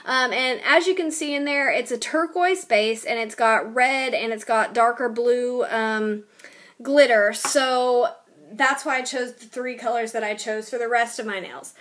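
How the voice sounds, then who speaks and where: A young woman with a high, light voice chats her way through a nail tutorial at home. She fills her talk with ums and sounds a little tired. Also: unhurried, fairly bright tone. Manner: chatty, filler-heavy with frequent ums. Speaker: beauty vlogger. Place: home, new place with boxes.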